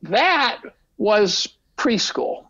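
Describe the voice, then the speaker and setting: A man's voice: high voice, extremely slow, dry recording, highs cut off. An older man, a podcast guest, telling casual stories, swearing freely and acting out quotes. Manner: animated, profane, acts out quotes. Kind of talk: casual storytelling.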